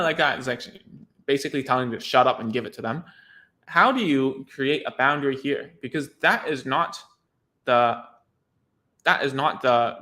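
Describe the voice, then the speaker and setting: A male speech therapist teaches casually to camera in a chatty, informal manner, frequently starting over and repeating words. His medium-pitched voice sounds pushed and bright.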